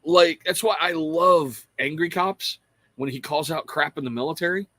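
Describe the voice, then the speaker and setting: A man's voice: a little high, normal speed, bright, forceful tone, no room sound. A middle-aged man hosting a livestream, chatting casually and rambling to viewers, calling out their names and swearing freely. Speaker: livestream host.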